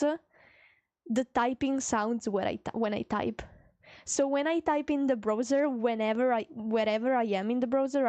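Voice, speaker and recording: A woman's voice: on the high side, a little mellow, no room sound. A young woman streaming a coworking session, chatting casually with viewers and reading their messages aloud in a playful way.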